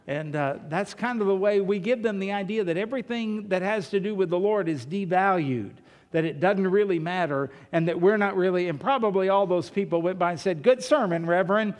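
A man's voice: high voice, fairly quick, a little mellow. A male pastor preaching a sermon in a church, talking conversationally, asking rhetorical questions and telling humorous anecdotes. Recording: long reverb of a large hall.

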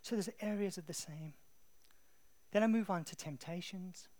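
An English man preaching a sermon in a conversational, animated storytelling way. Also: sits high, moderate pace.

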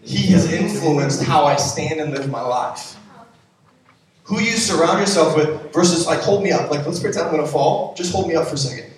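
A man's voice: a little high, moderate pace. A young man, a youth pastor, giving a playful sermon to young people, with joking asides to the audience. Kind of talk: youth sermon with live demonstration. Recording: very echoey hall, from far off.

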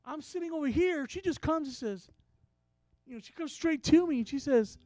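A man who is a traveling minister, telling a story in a sermon with animated, acted-out dialogue. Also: very high voice, normal speed, no room sound.

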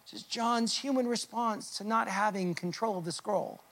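A man preaching a sermon, swinging from loud emphatic lines to hushed, almost whispered drops as he acts out the voices of hurting people. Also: high-pitched, moderate pace. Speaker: pastor.

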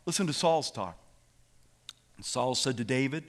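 A male preacher delivering a dramatic sermon, swinging from shouts down to hushed whispers. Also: medium pitch, expressive, moderate pace, pauses often.

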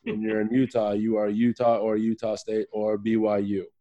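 Chatting casually as a podcast guest, this pro soccer player from Virginia speaks in a low-leaning, warm, mellow voice. He's easygoing and rambling, leaning heavily on fillers, with a completely flat delivery, and the highs are cut off in the recording.

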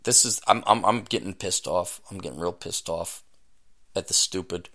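A man hosting a podcast, ranting scornfully and profanely at an article he reads aloud, often bursting into shouting. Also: low-pitched, moderate pace. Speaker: podcast host. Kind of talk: comedic rant reacting to a read-aloud article.

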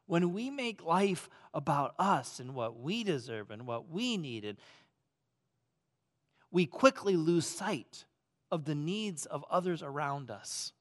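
A man preaching a sermon as pastor, swinging between loud emphasis and hushed, soft passages. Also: fairly high pitch, very animated, takes it slowly. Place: church auditorium.

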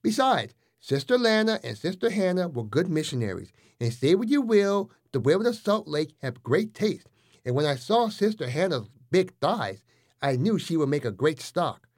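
A nervous young cannibal girlfriend, put on by a man reading a comic story. The voice sits high and swings around, fluttery yet oddly matter-of-fact. Her delivery stays chatty and cheerful rather than menacing. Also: big pitch swings, moderate pace, a little mellow.

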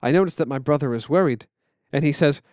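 Man narrating a story, fairly high voice. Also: fast talker, darkish tone, dry recording, studio quality. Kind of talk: scripted narration.

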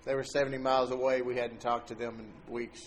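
Talking briskly, a middle-aged guest gives a casual spoken testimony about a personal faith experience, animated and laughing occasionally. His ordinarily pitched voice often lifts high when he plays the characters in his story, over slight hiss or hum.

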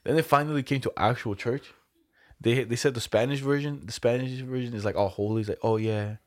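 A young man telling a story in a casual chat, relaxed and profane, slipping into quoted voices. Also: mid-range voice, fast.

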